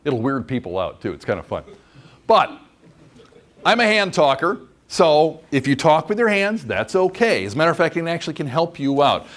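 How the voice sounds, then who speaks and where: A man's voice: on the high side, very animated, moderate pace, a bit bright. A man teaching a training course lecture, chatty and demonstrative, often checking in with the class by asking "okay?". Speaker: instructor.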